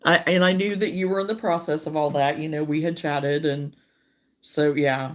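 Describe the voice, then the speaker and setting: A woman hosting a casual crochet livestream, chatting warmly and reading out viewer comments, sometimes close to tears. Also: low-pitched, fairly even intonation, normal speed. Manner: warm, emotional, reads viewer comments aloud.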